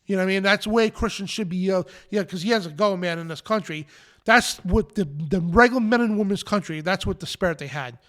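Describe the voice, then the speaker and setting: A man's voice: high voice, fairly quick, fairly bright tone. A man hosting a live show, preaching in an emphatic, defiant rant and repeating his phrases. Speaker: show host.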